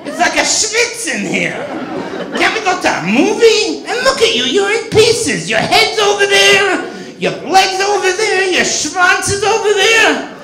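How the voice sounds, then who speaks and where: A man's voice: extremely high pitch, sing-song, unhurried, echoey room, crowd noise, voice pushed up, full character voice, low-quality recording. A man voicing a fussy, complaining woman in the afterlife, nagging and kvetching.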